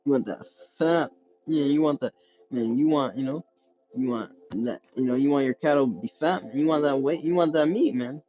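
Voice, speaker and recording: A man's voice: mid-range voice, faint music behind. Man reading and preaching scripture, lo-fi. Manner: reads slowly with stumbles, then breaks into slangy commentary. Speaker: scripture teacher.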